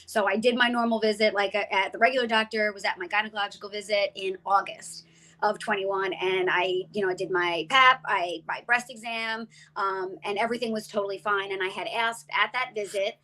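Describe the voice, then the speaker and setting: A woman's voice: mid-range voice, brisk, rough recording. A woman in her forties, a guest telling her own story in an interview, acting out the voices of people she quotes. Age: 40s. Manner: animated storyteller, acts out quoted dialogue.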